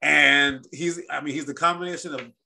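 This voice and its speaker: Animated, bright-voiced sports podcast host. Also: male voice, on the high side, normal speed, vocal fry, slight background noise. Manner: animated, rambling storyteller with restarts. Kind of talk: casual sports chat.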